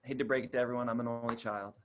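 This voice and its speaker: A young man with a slight Boston accent, talking as a comedy guest in a casual chat. His easygoing delivery is self-deprecating, and his pitch sits in an ordinary middle range. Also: little pitch movement, very fast, a bit bright, a little hiss or hum.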